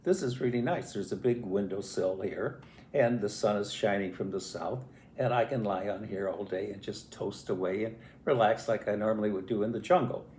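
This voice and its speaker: An older man voicing a contented pet iguana that muses about lounging in the sun, in a relaxed tone. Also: fairly low pitch, normal speed, slight background noise, close to an everyday voice. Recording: roomy echo.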